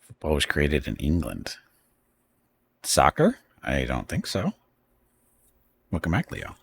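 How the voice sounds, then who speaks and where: Middle-aged streamer, husky low voice with lively swings, opinionated and rambling. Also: male voice. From United States. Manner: rambling, opinionated, quick asides to chat. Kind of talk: casual live-stream commentary.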